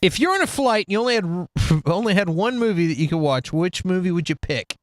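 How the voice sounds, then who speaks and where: High, lively-voiced man laughing along. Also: a little fast. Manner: laughs often, lively and joking. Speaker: podcast host asking the questions. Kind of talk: casual comedic chat.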